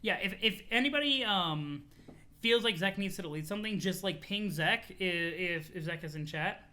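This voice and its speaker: A streamer casually chatting with viewers and reading a webcomic aloud, in an animated, chatty way with casual swearing. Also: medium pitch, normal speed. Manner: thanks chat followers, talks to viewers.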